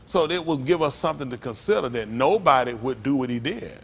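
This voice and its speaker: A pastor with a medium-pitched voice preaches a sermon, reading scripture aloud slowly and deliberately between lively call-and-response comments. His commentary often pushes up into emphatic, questioning exclamations.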